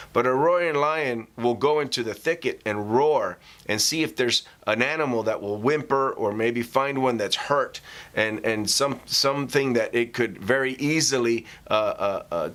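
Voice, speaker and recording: A man preaching a casual vlog sermon as a pastor. He talks conversationally with fillers and reads scripture slowly for emphasis. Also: medium pitch, fairly bright tone.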